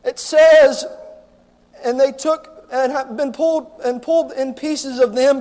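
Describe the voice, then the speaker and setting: High-pitched shouting preacher man. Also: steady tone, unhurried. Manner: impassioned, shouting, calls the listener friend. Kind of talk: fiery revival sermon. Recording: long church reverb.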